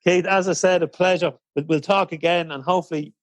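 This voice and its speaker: A man's voice: high voice, steady tone, a little fast, dry recording. A man hosting a fan podcast, interviewing a guest in a friendly, bantering way. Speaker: podcast host. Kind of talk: casual interview chat.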